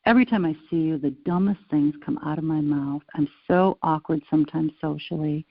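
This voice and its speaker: A man's voice: fairly high pitch, brisk, creaky, no room sound, narrow, tinny audio. A woman playing an awkward adult male neighbor who sheepishly apologizes, with a self-conscious manner.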